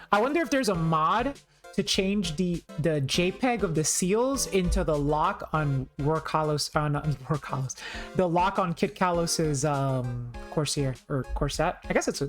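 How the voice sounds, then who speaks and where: A young woman streaming a game, joking with her chat and repeating lines for effect. Her voice sits a little low but swings widely in pitch, and she takes her time. Faint game music plays behind her. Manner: joking, playful, repeats herself. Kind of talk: casual live-stream chat while playing.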